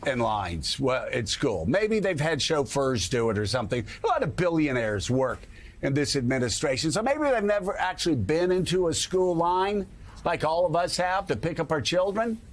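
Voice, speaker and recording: A man's voice: on the high side, sing-song, a little fast. A middle-aged man hosting a morning talk show, delivering indignant, emphatic opinion commentary.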